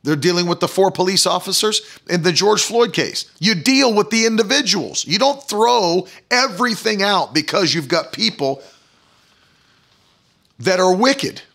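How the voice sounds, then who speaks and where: A man's voice: high voice, animated, unhurried, creaky, a bit bright. A man preaching a fiery sermon, hammering the crowd with rhetorical questions.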